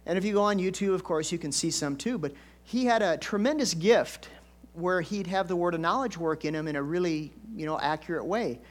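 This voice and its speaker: A man's voice: sits high, brisk. An older man, a pastor, preaching a conversational storytelling sermon with folksy asides and emphatic swells.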